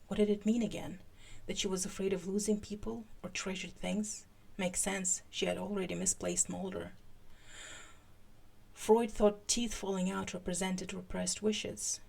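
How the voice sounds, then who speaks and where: Gravelly woman reading fan fiction live. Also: mid-range voice. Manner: animated reading, halting in asides.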